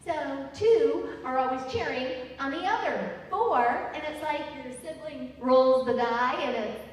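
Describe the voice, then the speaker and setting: A woman's voice: sits high, a little slow. A middle-aged woman telling a personal story on stage at a live event. She is chatty and laughs at her own jokes. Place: large hall at a live event. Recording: echoey hall from far off, faint hum.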